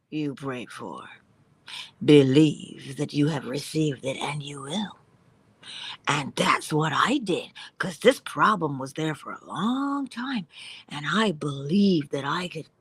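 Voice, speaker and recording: A woman hosting a morning inspiration livestream, giving an animated spiritual talk and dropping at times into whispers. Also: low voice, slightly rough, dry recording. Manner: animated, acts out dialogue in voices, drops to whispers.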